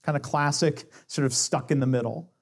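A man's voice: medium pitch, normal speed. A man giving a conversational talk on coaching, acting out quoted dialogue as he explains. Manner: explains with acted-out dialogue quotes, shifting pace. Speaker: speaker on coaching and lean management.

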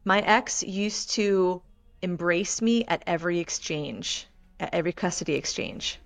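Earnest woman podcast guest, lowish voice. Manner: earnest, measured, reflective. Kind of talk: personal storytelling in an interview.

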